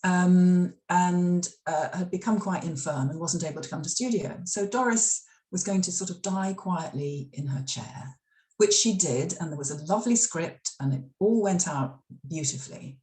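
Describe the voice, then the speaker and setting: This is a middle-aged woman from the United Kingdom, an author and ex-radio drama scriptwriter, being interviewed at a library event. Her voice sits on the low side, a little mellow, at a moderate pace. She tells stories chattily, with many fillers and restarts, in an echoey room.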